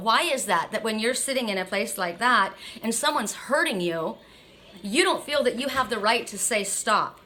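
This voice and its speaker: A woman's voice: on the high side, lively intonation, moderate pace, pushed and bright. A middle-aged woman in a casual vlog, blunt and swearing as she vents with a numb mouth after dental surgery. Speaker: oracle card reader.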